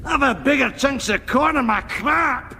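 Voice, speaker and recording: Fat Bastard, a bellowing Scottish brute. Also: male voice, extremely high pitch, expressive, a little slow, sharp tone, long reverb tail, slight background noise, full character voice. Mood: bellowing glee. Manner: crude, bellowing, gleeful. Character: crude gluttonous Scottish henchman, grown man, loud and boastful. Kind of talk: film comedy acting.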